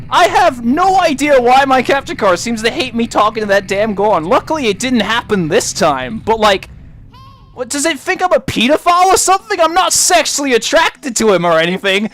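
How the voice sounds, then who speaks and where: A man's voice: high voice, lively intonation, normal speed, fairly bright tone. A man hosting a let's play, giving joking, chatty commentary over his gameplay.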